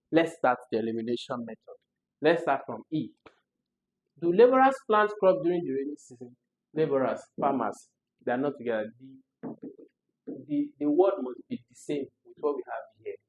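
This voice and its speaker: A tutor with a Nigerian accent explaining exam questions, chatty and quick to laugh, asking the listener rhetorical questions. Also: medium pitch, darkish tone, low-quality recording.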